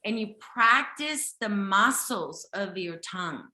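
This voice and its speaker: An expressive, slow-paced woman with a medium pitch and sharp tone speaks in an echoey room, hosting a live intuitive health reading with one participant. She comes from Japan, grew up speaking Japanese, and has a slight accent. Her delivery is direct and insistent, with many "okay?" check-ins.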